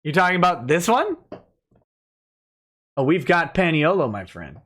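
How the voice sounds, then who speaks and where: A man hosting a relaxed livestream, reading viewer messages aloud and answering them offhandedly. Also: a little high, a little slow. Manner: reads donor messages aloud, chatty and offhand. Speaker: livestream host reading chat. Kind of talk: relaxed live-stream chat.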